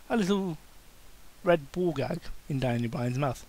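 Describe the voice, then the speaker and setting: Lively, high-voiced male amateur reader. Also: slow, long pauses, poor audio. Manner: stumbling, with wry asides. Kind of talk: amateur dramatic reading of fan fiction.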